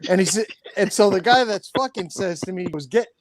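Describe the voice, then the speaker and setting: A middle-aged man, a storyteller guest, rambles through a long, profane story in casual chat, swearing often and restarting frequently. His voice is high-pitched and fairly quick.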